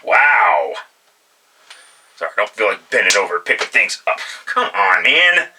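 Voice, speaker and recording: A sports picks vlogger offers blunt, profane football picks in casual solo commentary, often restarting his sentences. His lowish voice is expressive and moves at a normal speed, with background noise behind him.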